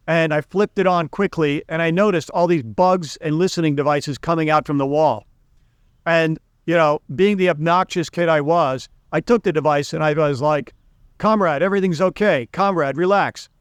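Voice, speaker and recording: A man's voice: on the high side, normal speed, clear, resonant tone, dry recording, clean studio sound. A middle-aged man from the United States, giving a casual economics lesson in a conversational, storytelling way. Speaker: economics teacher.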